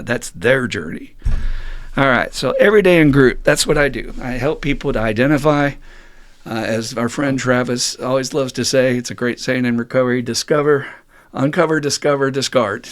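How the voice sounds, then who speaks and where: A middle-aged man hosting a recovery podcast, talking in an earnest, musing monologue and acting out the voices he quotes. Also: medium pitch. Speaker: podcast host and recovery group counselor.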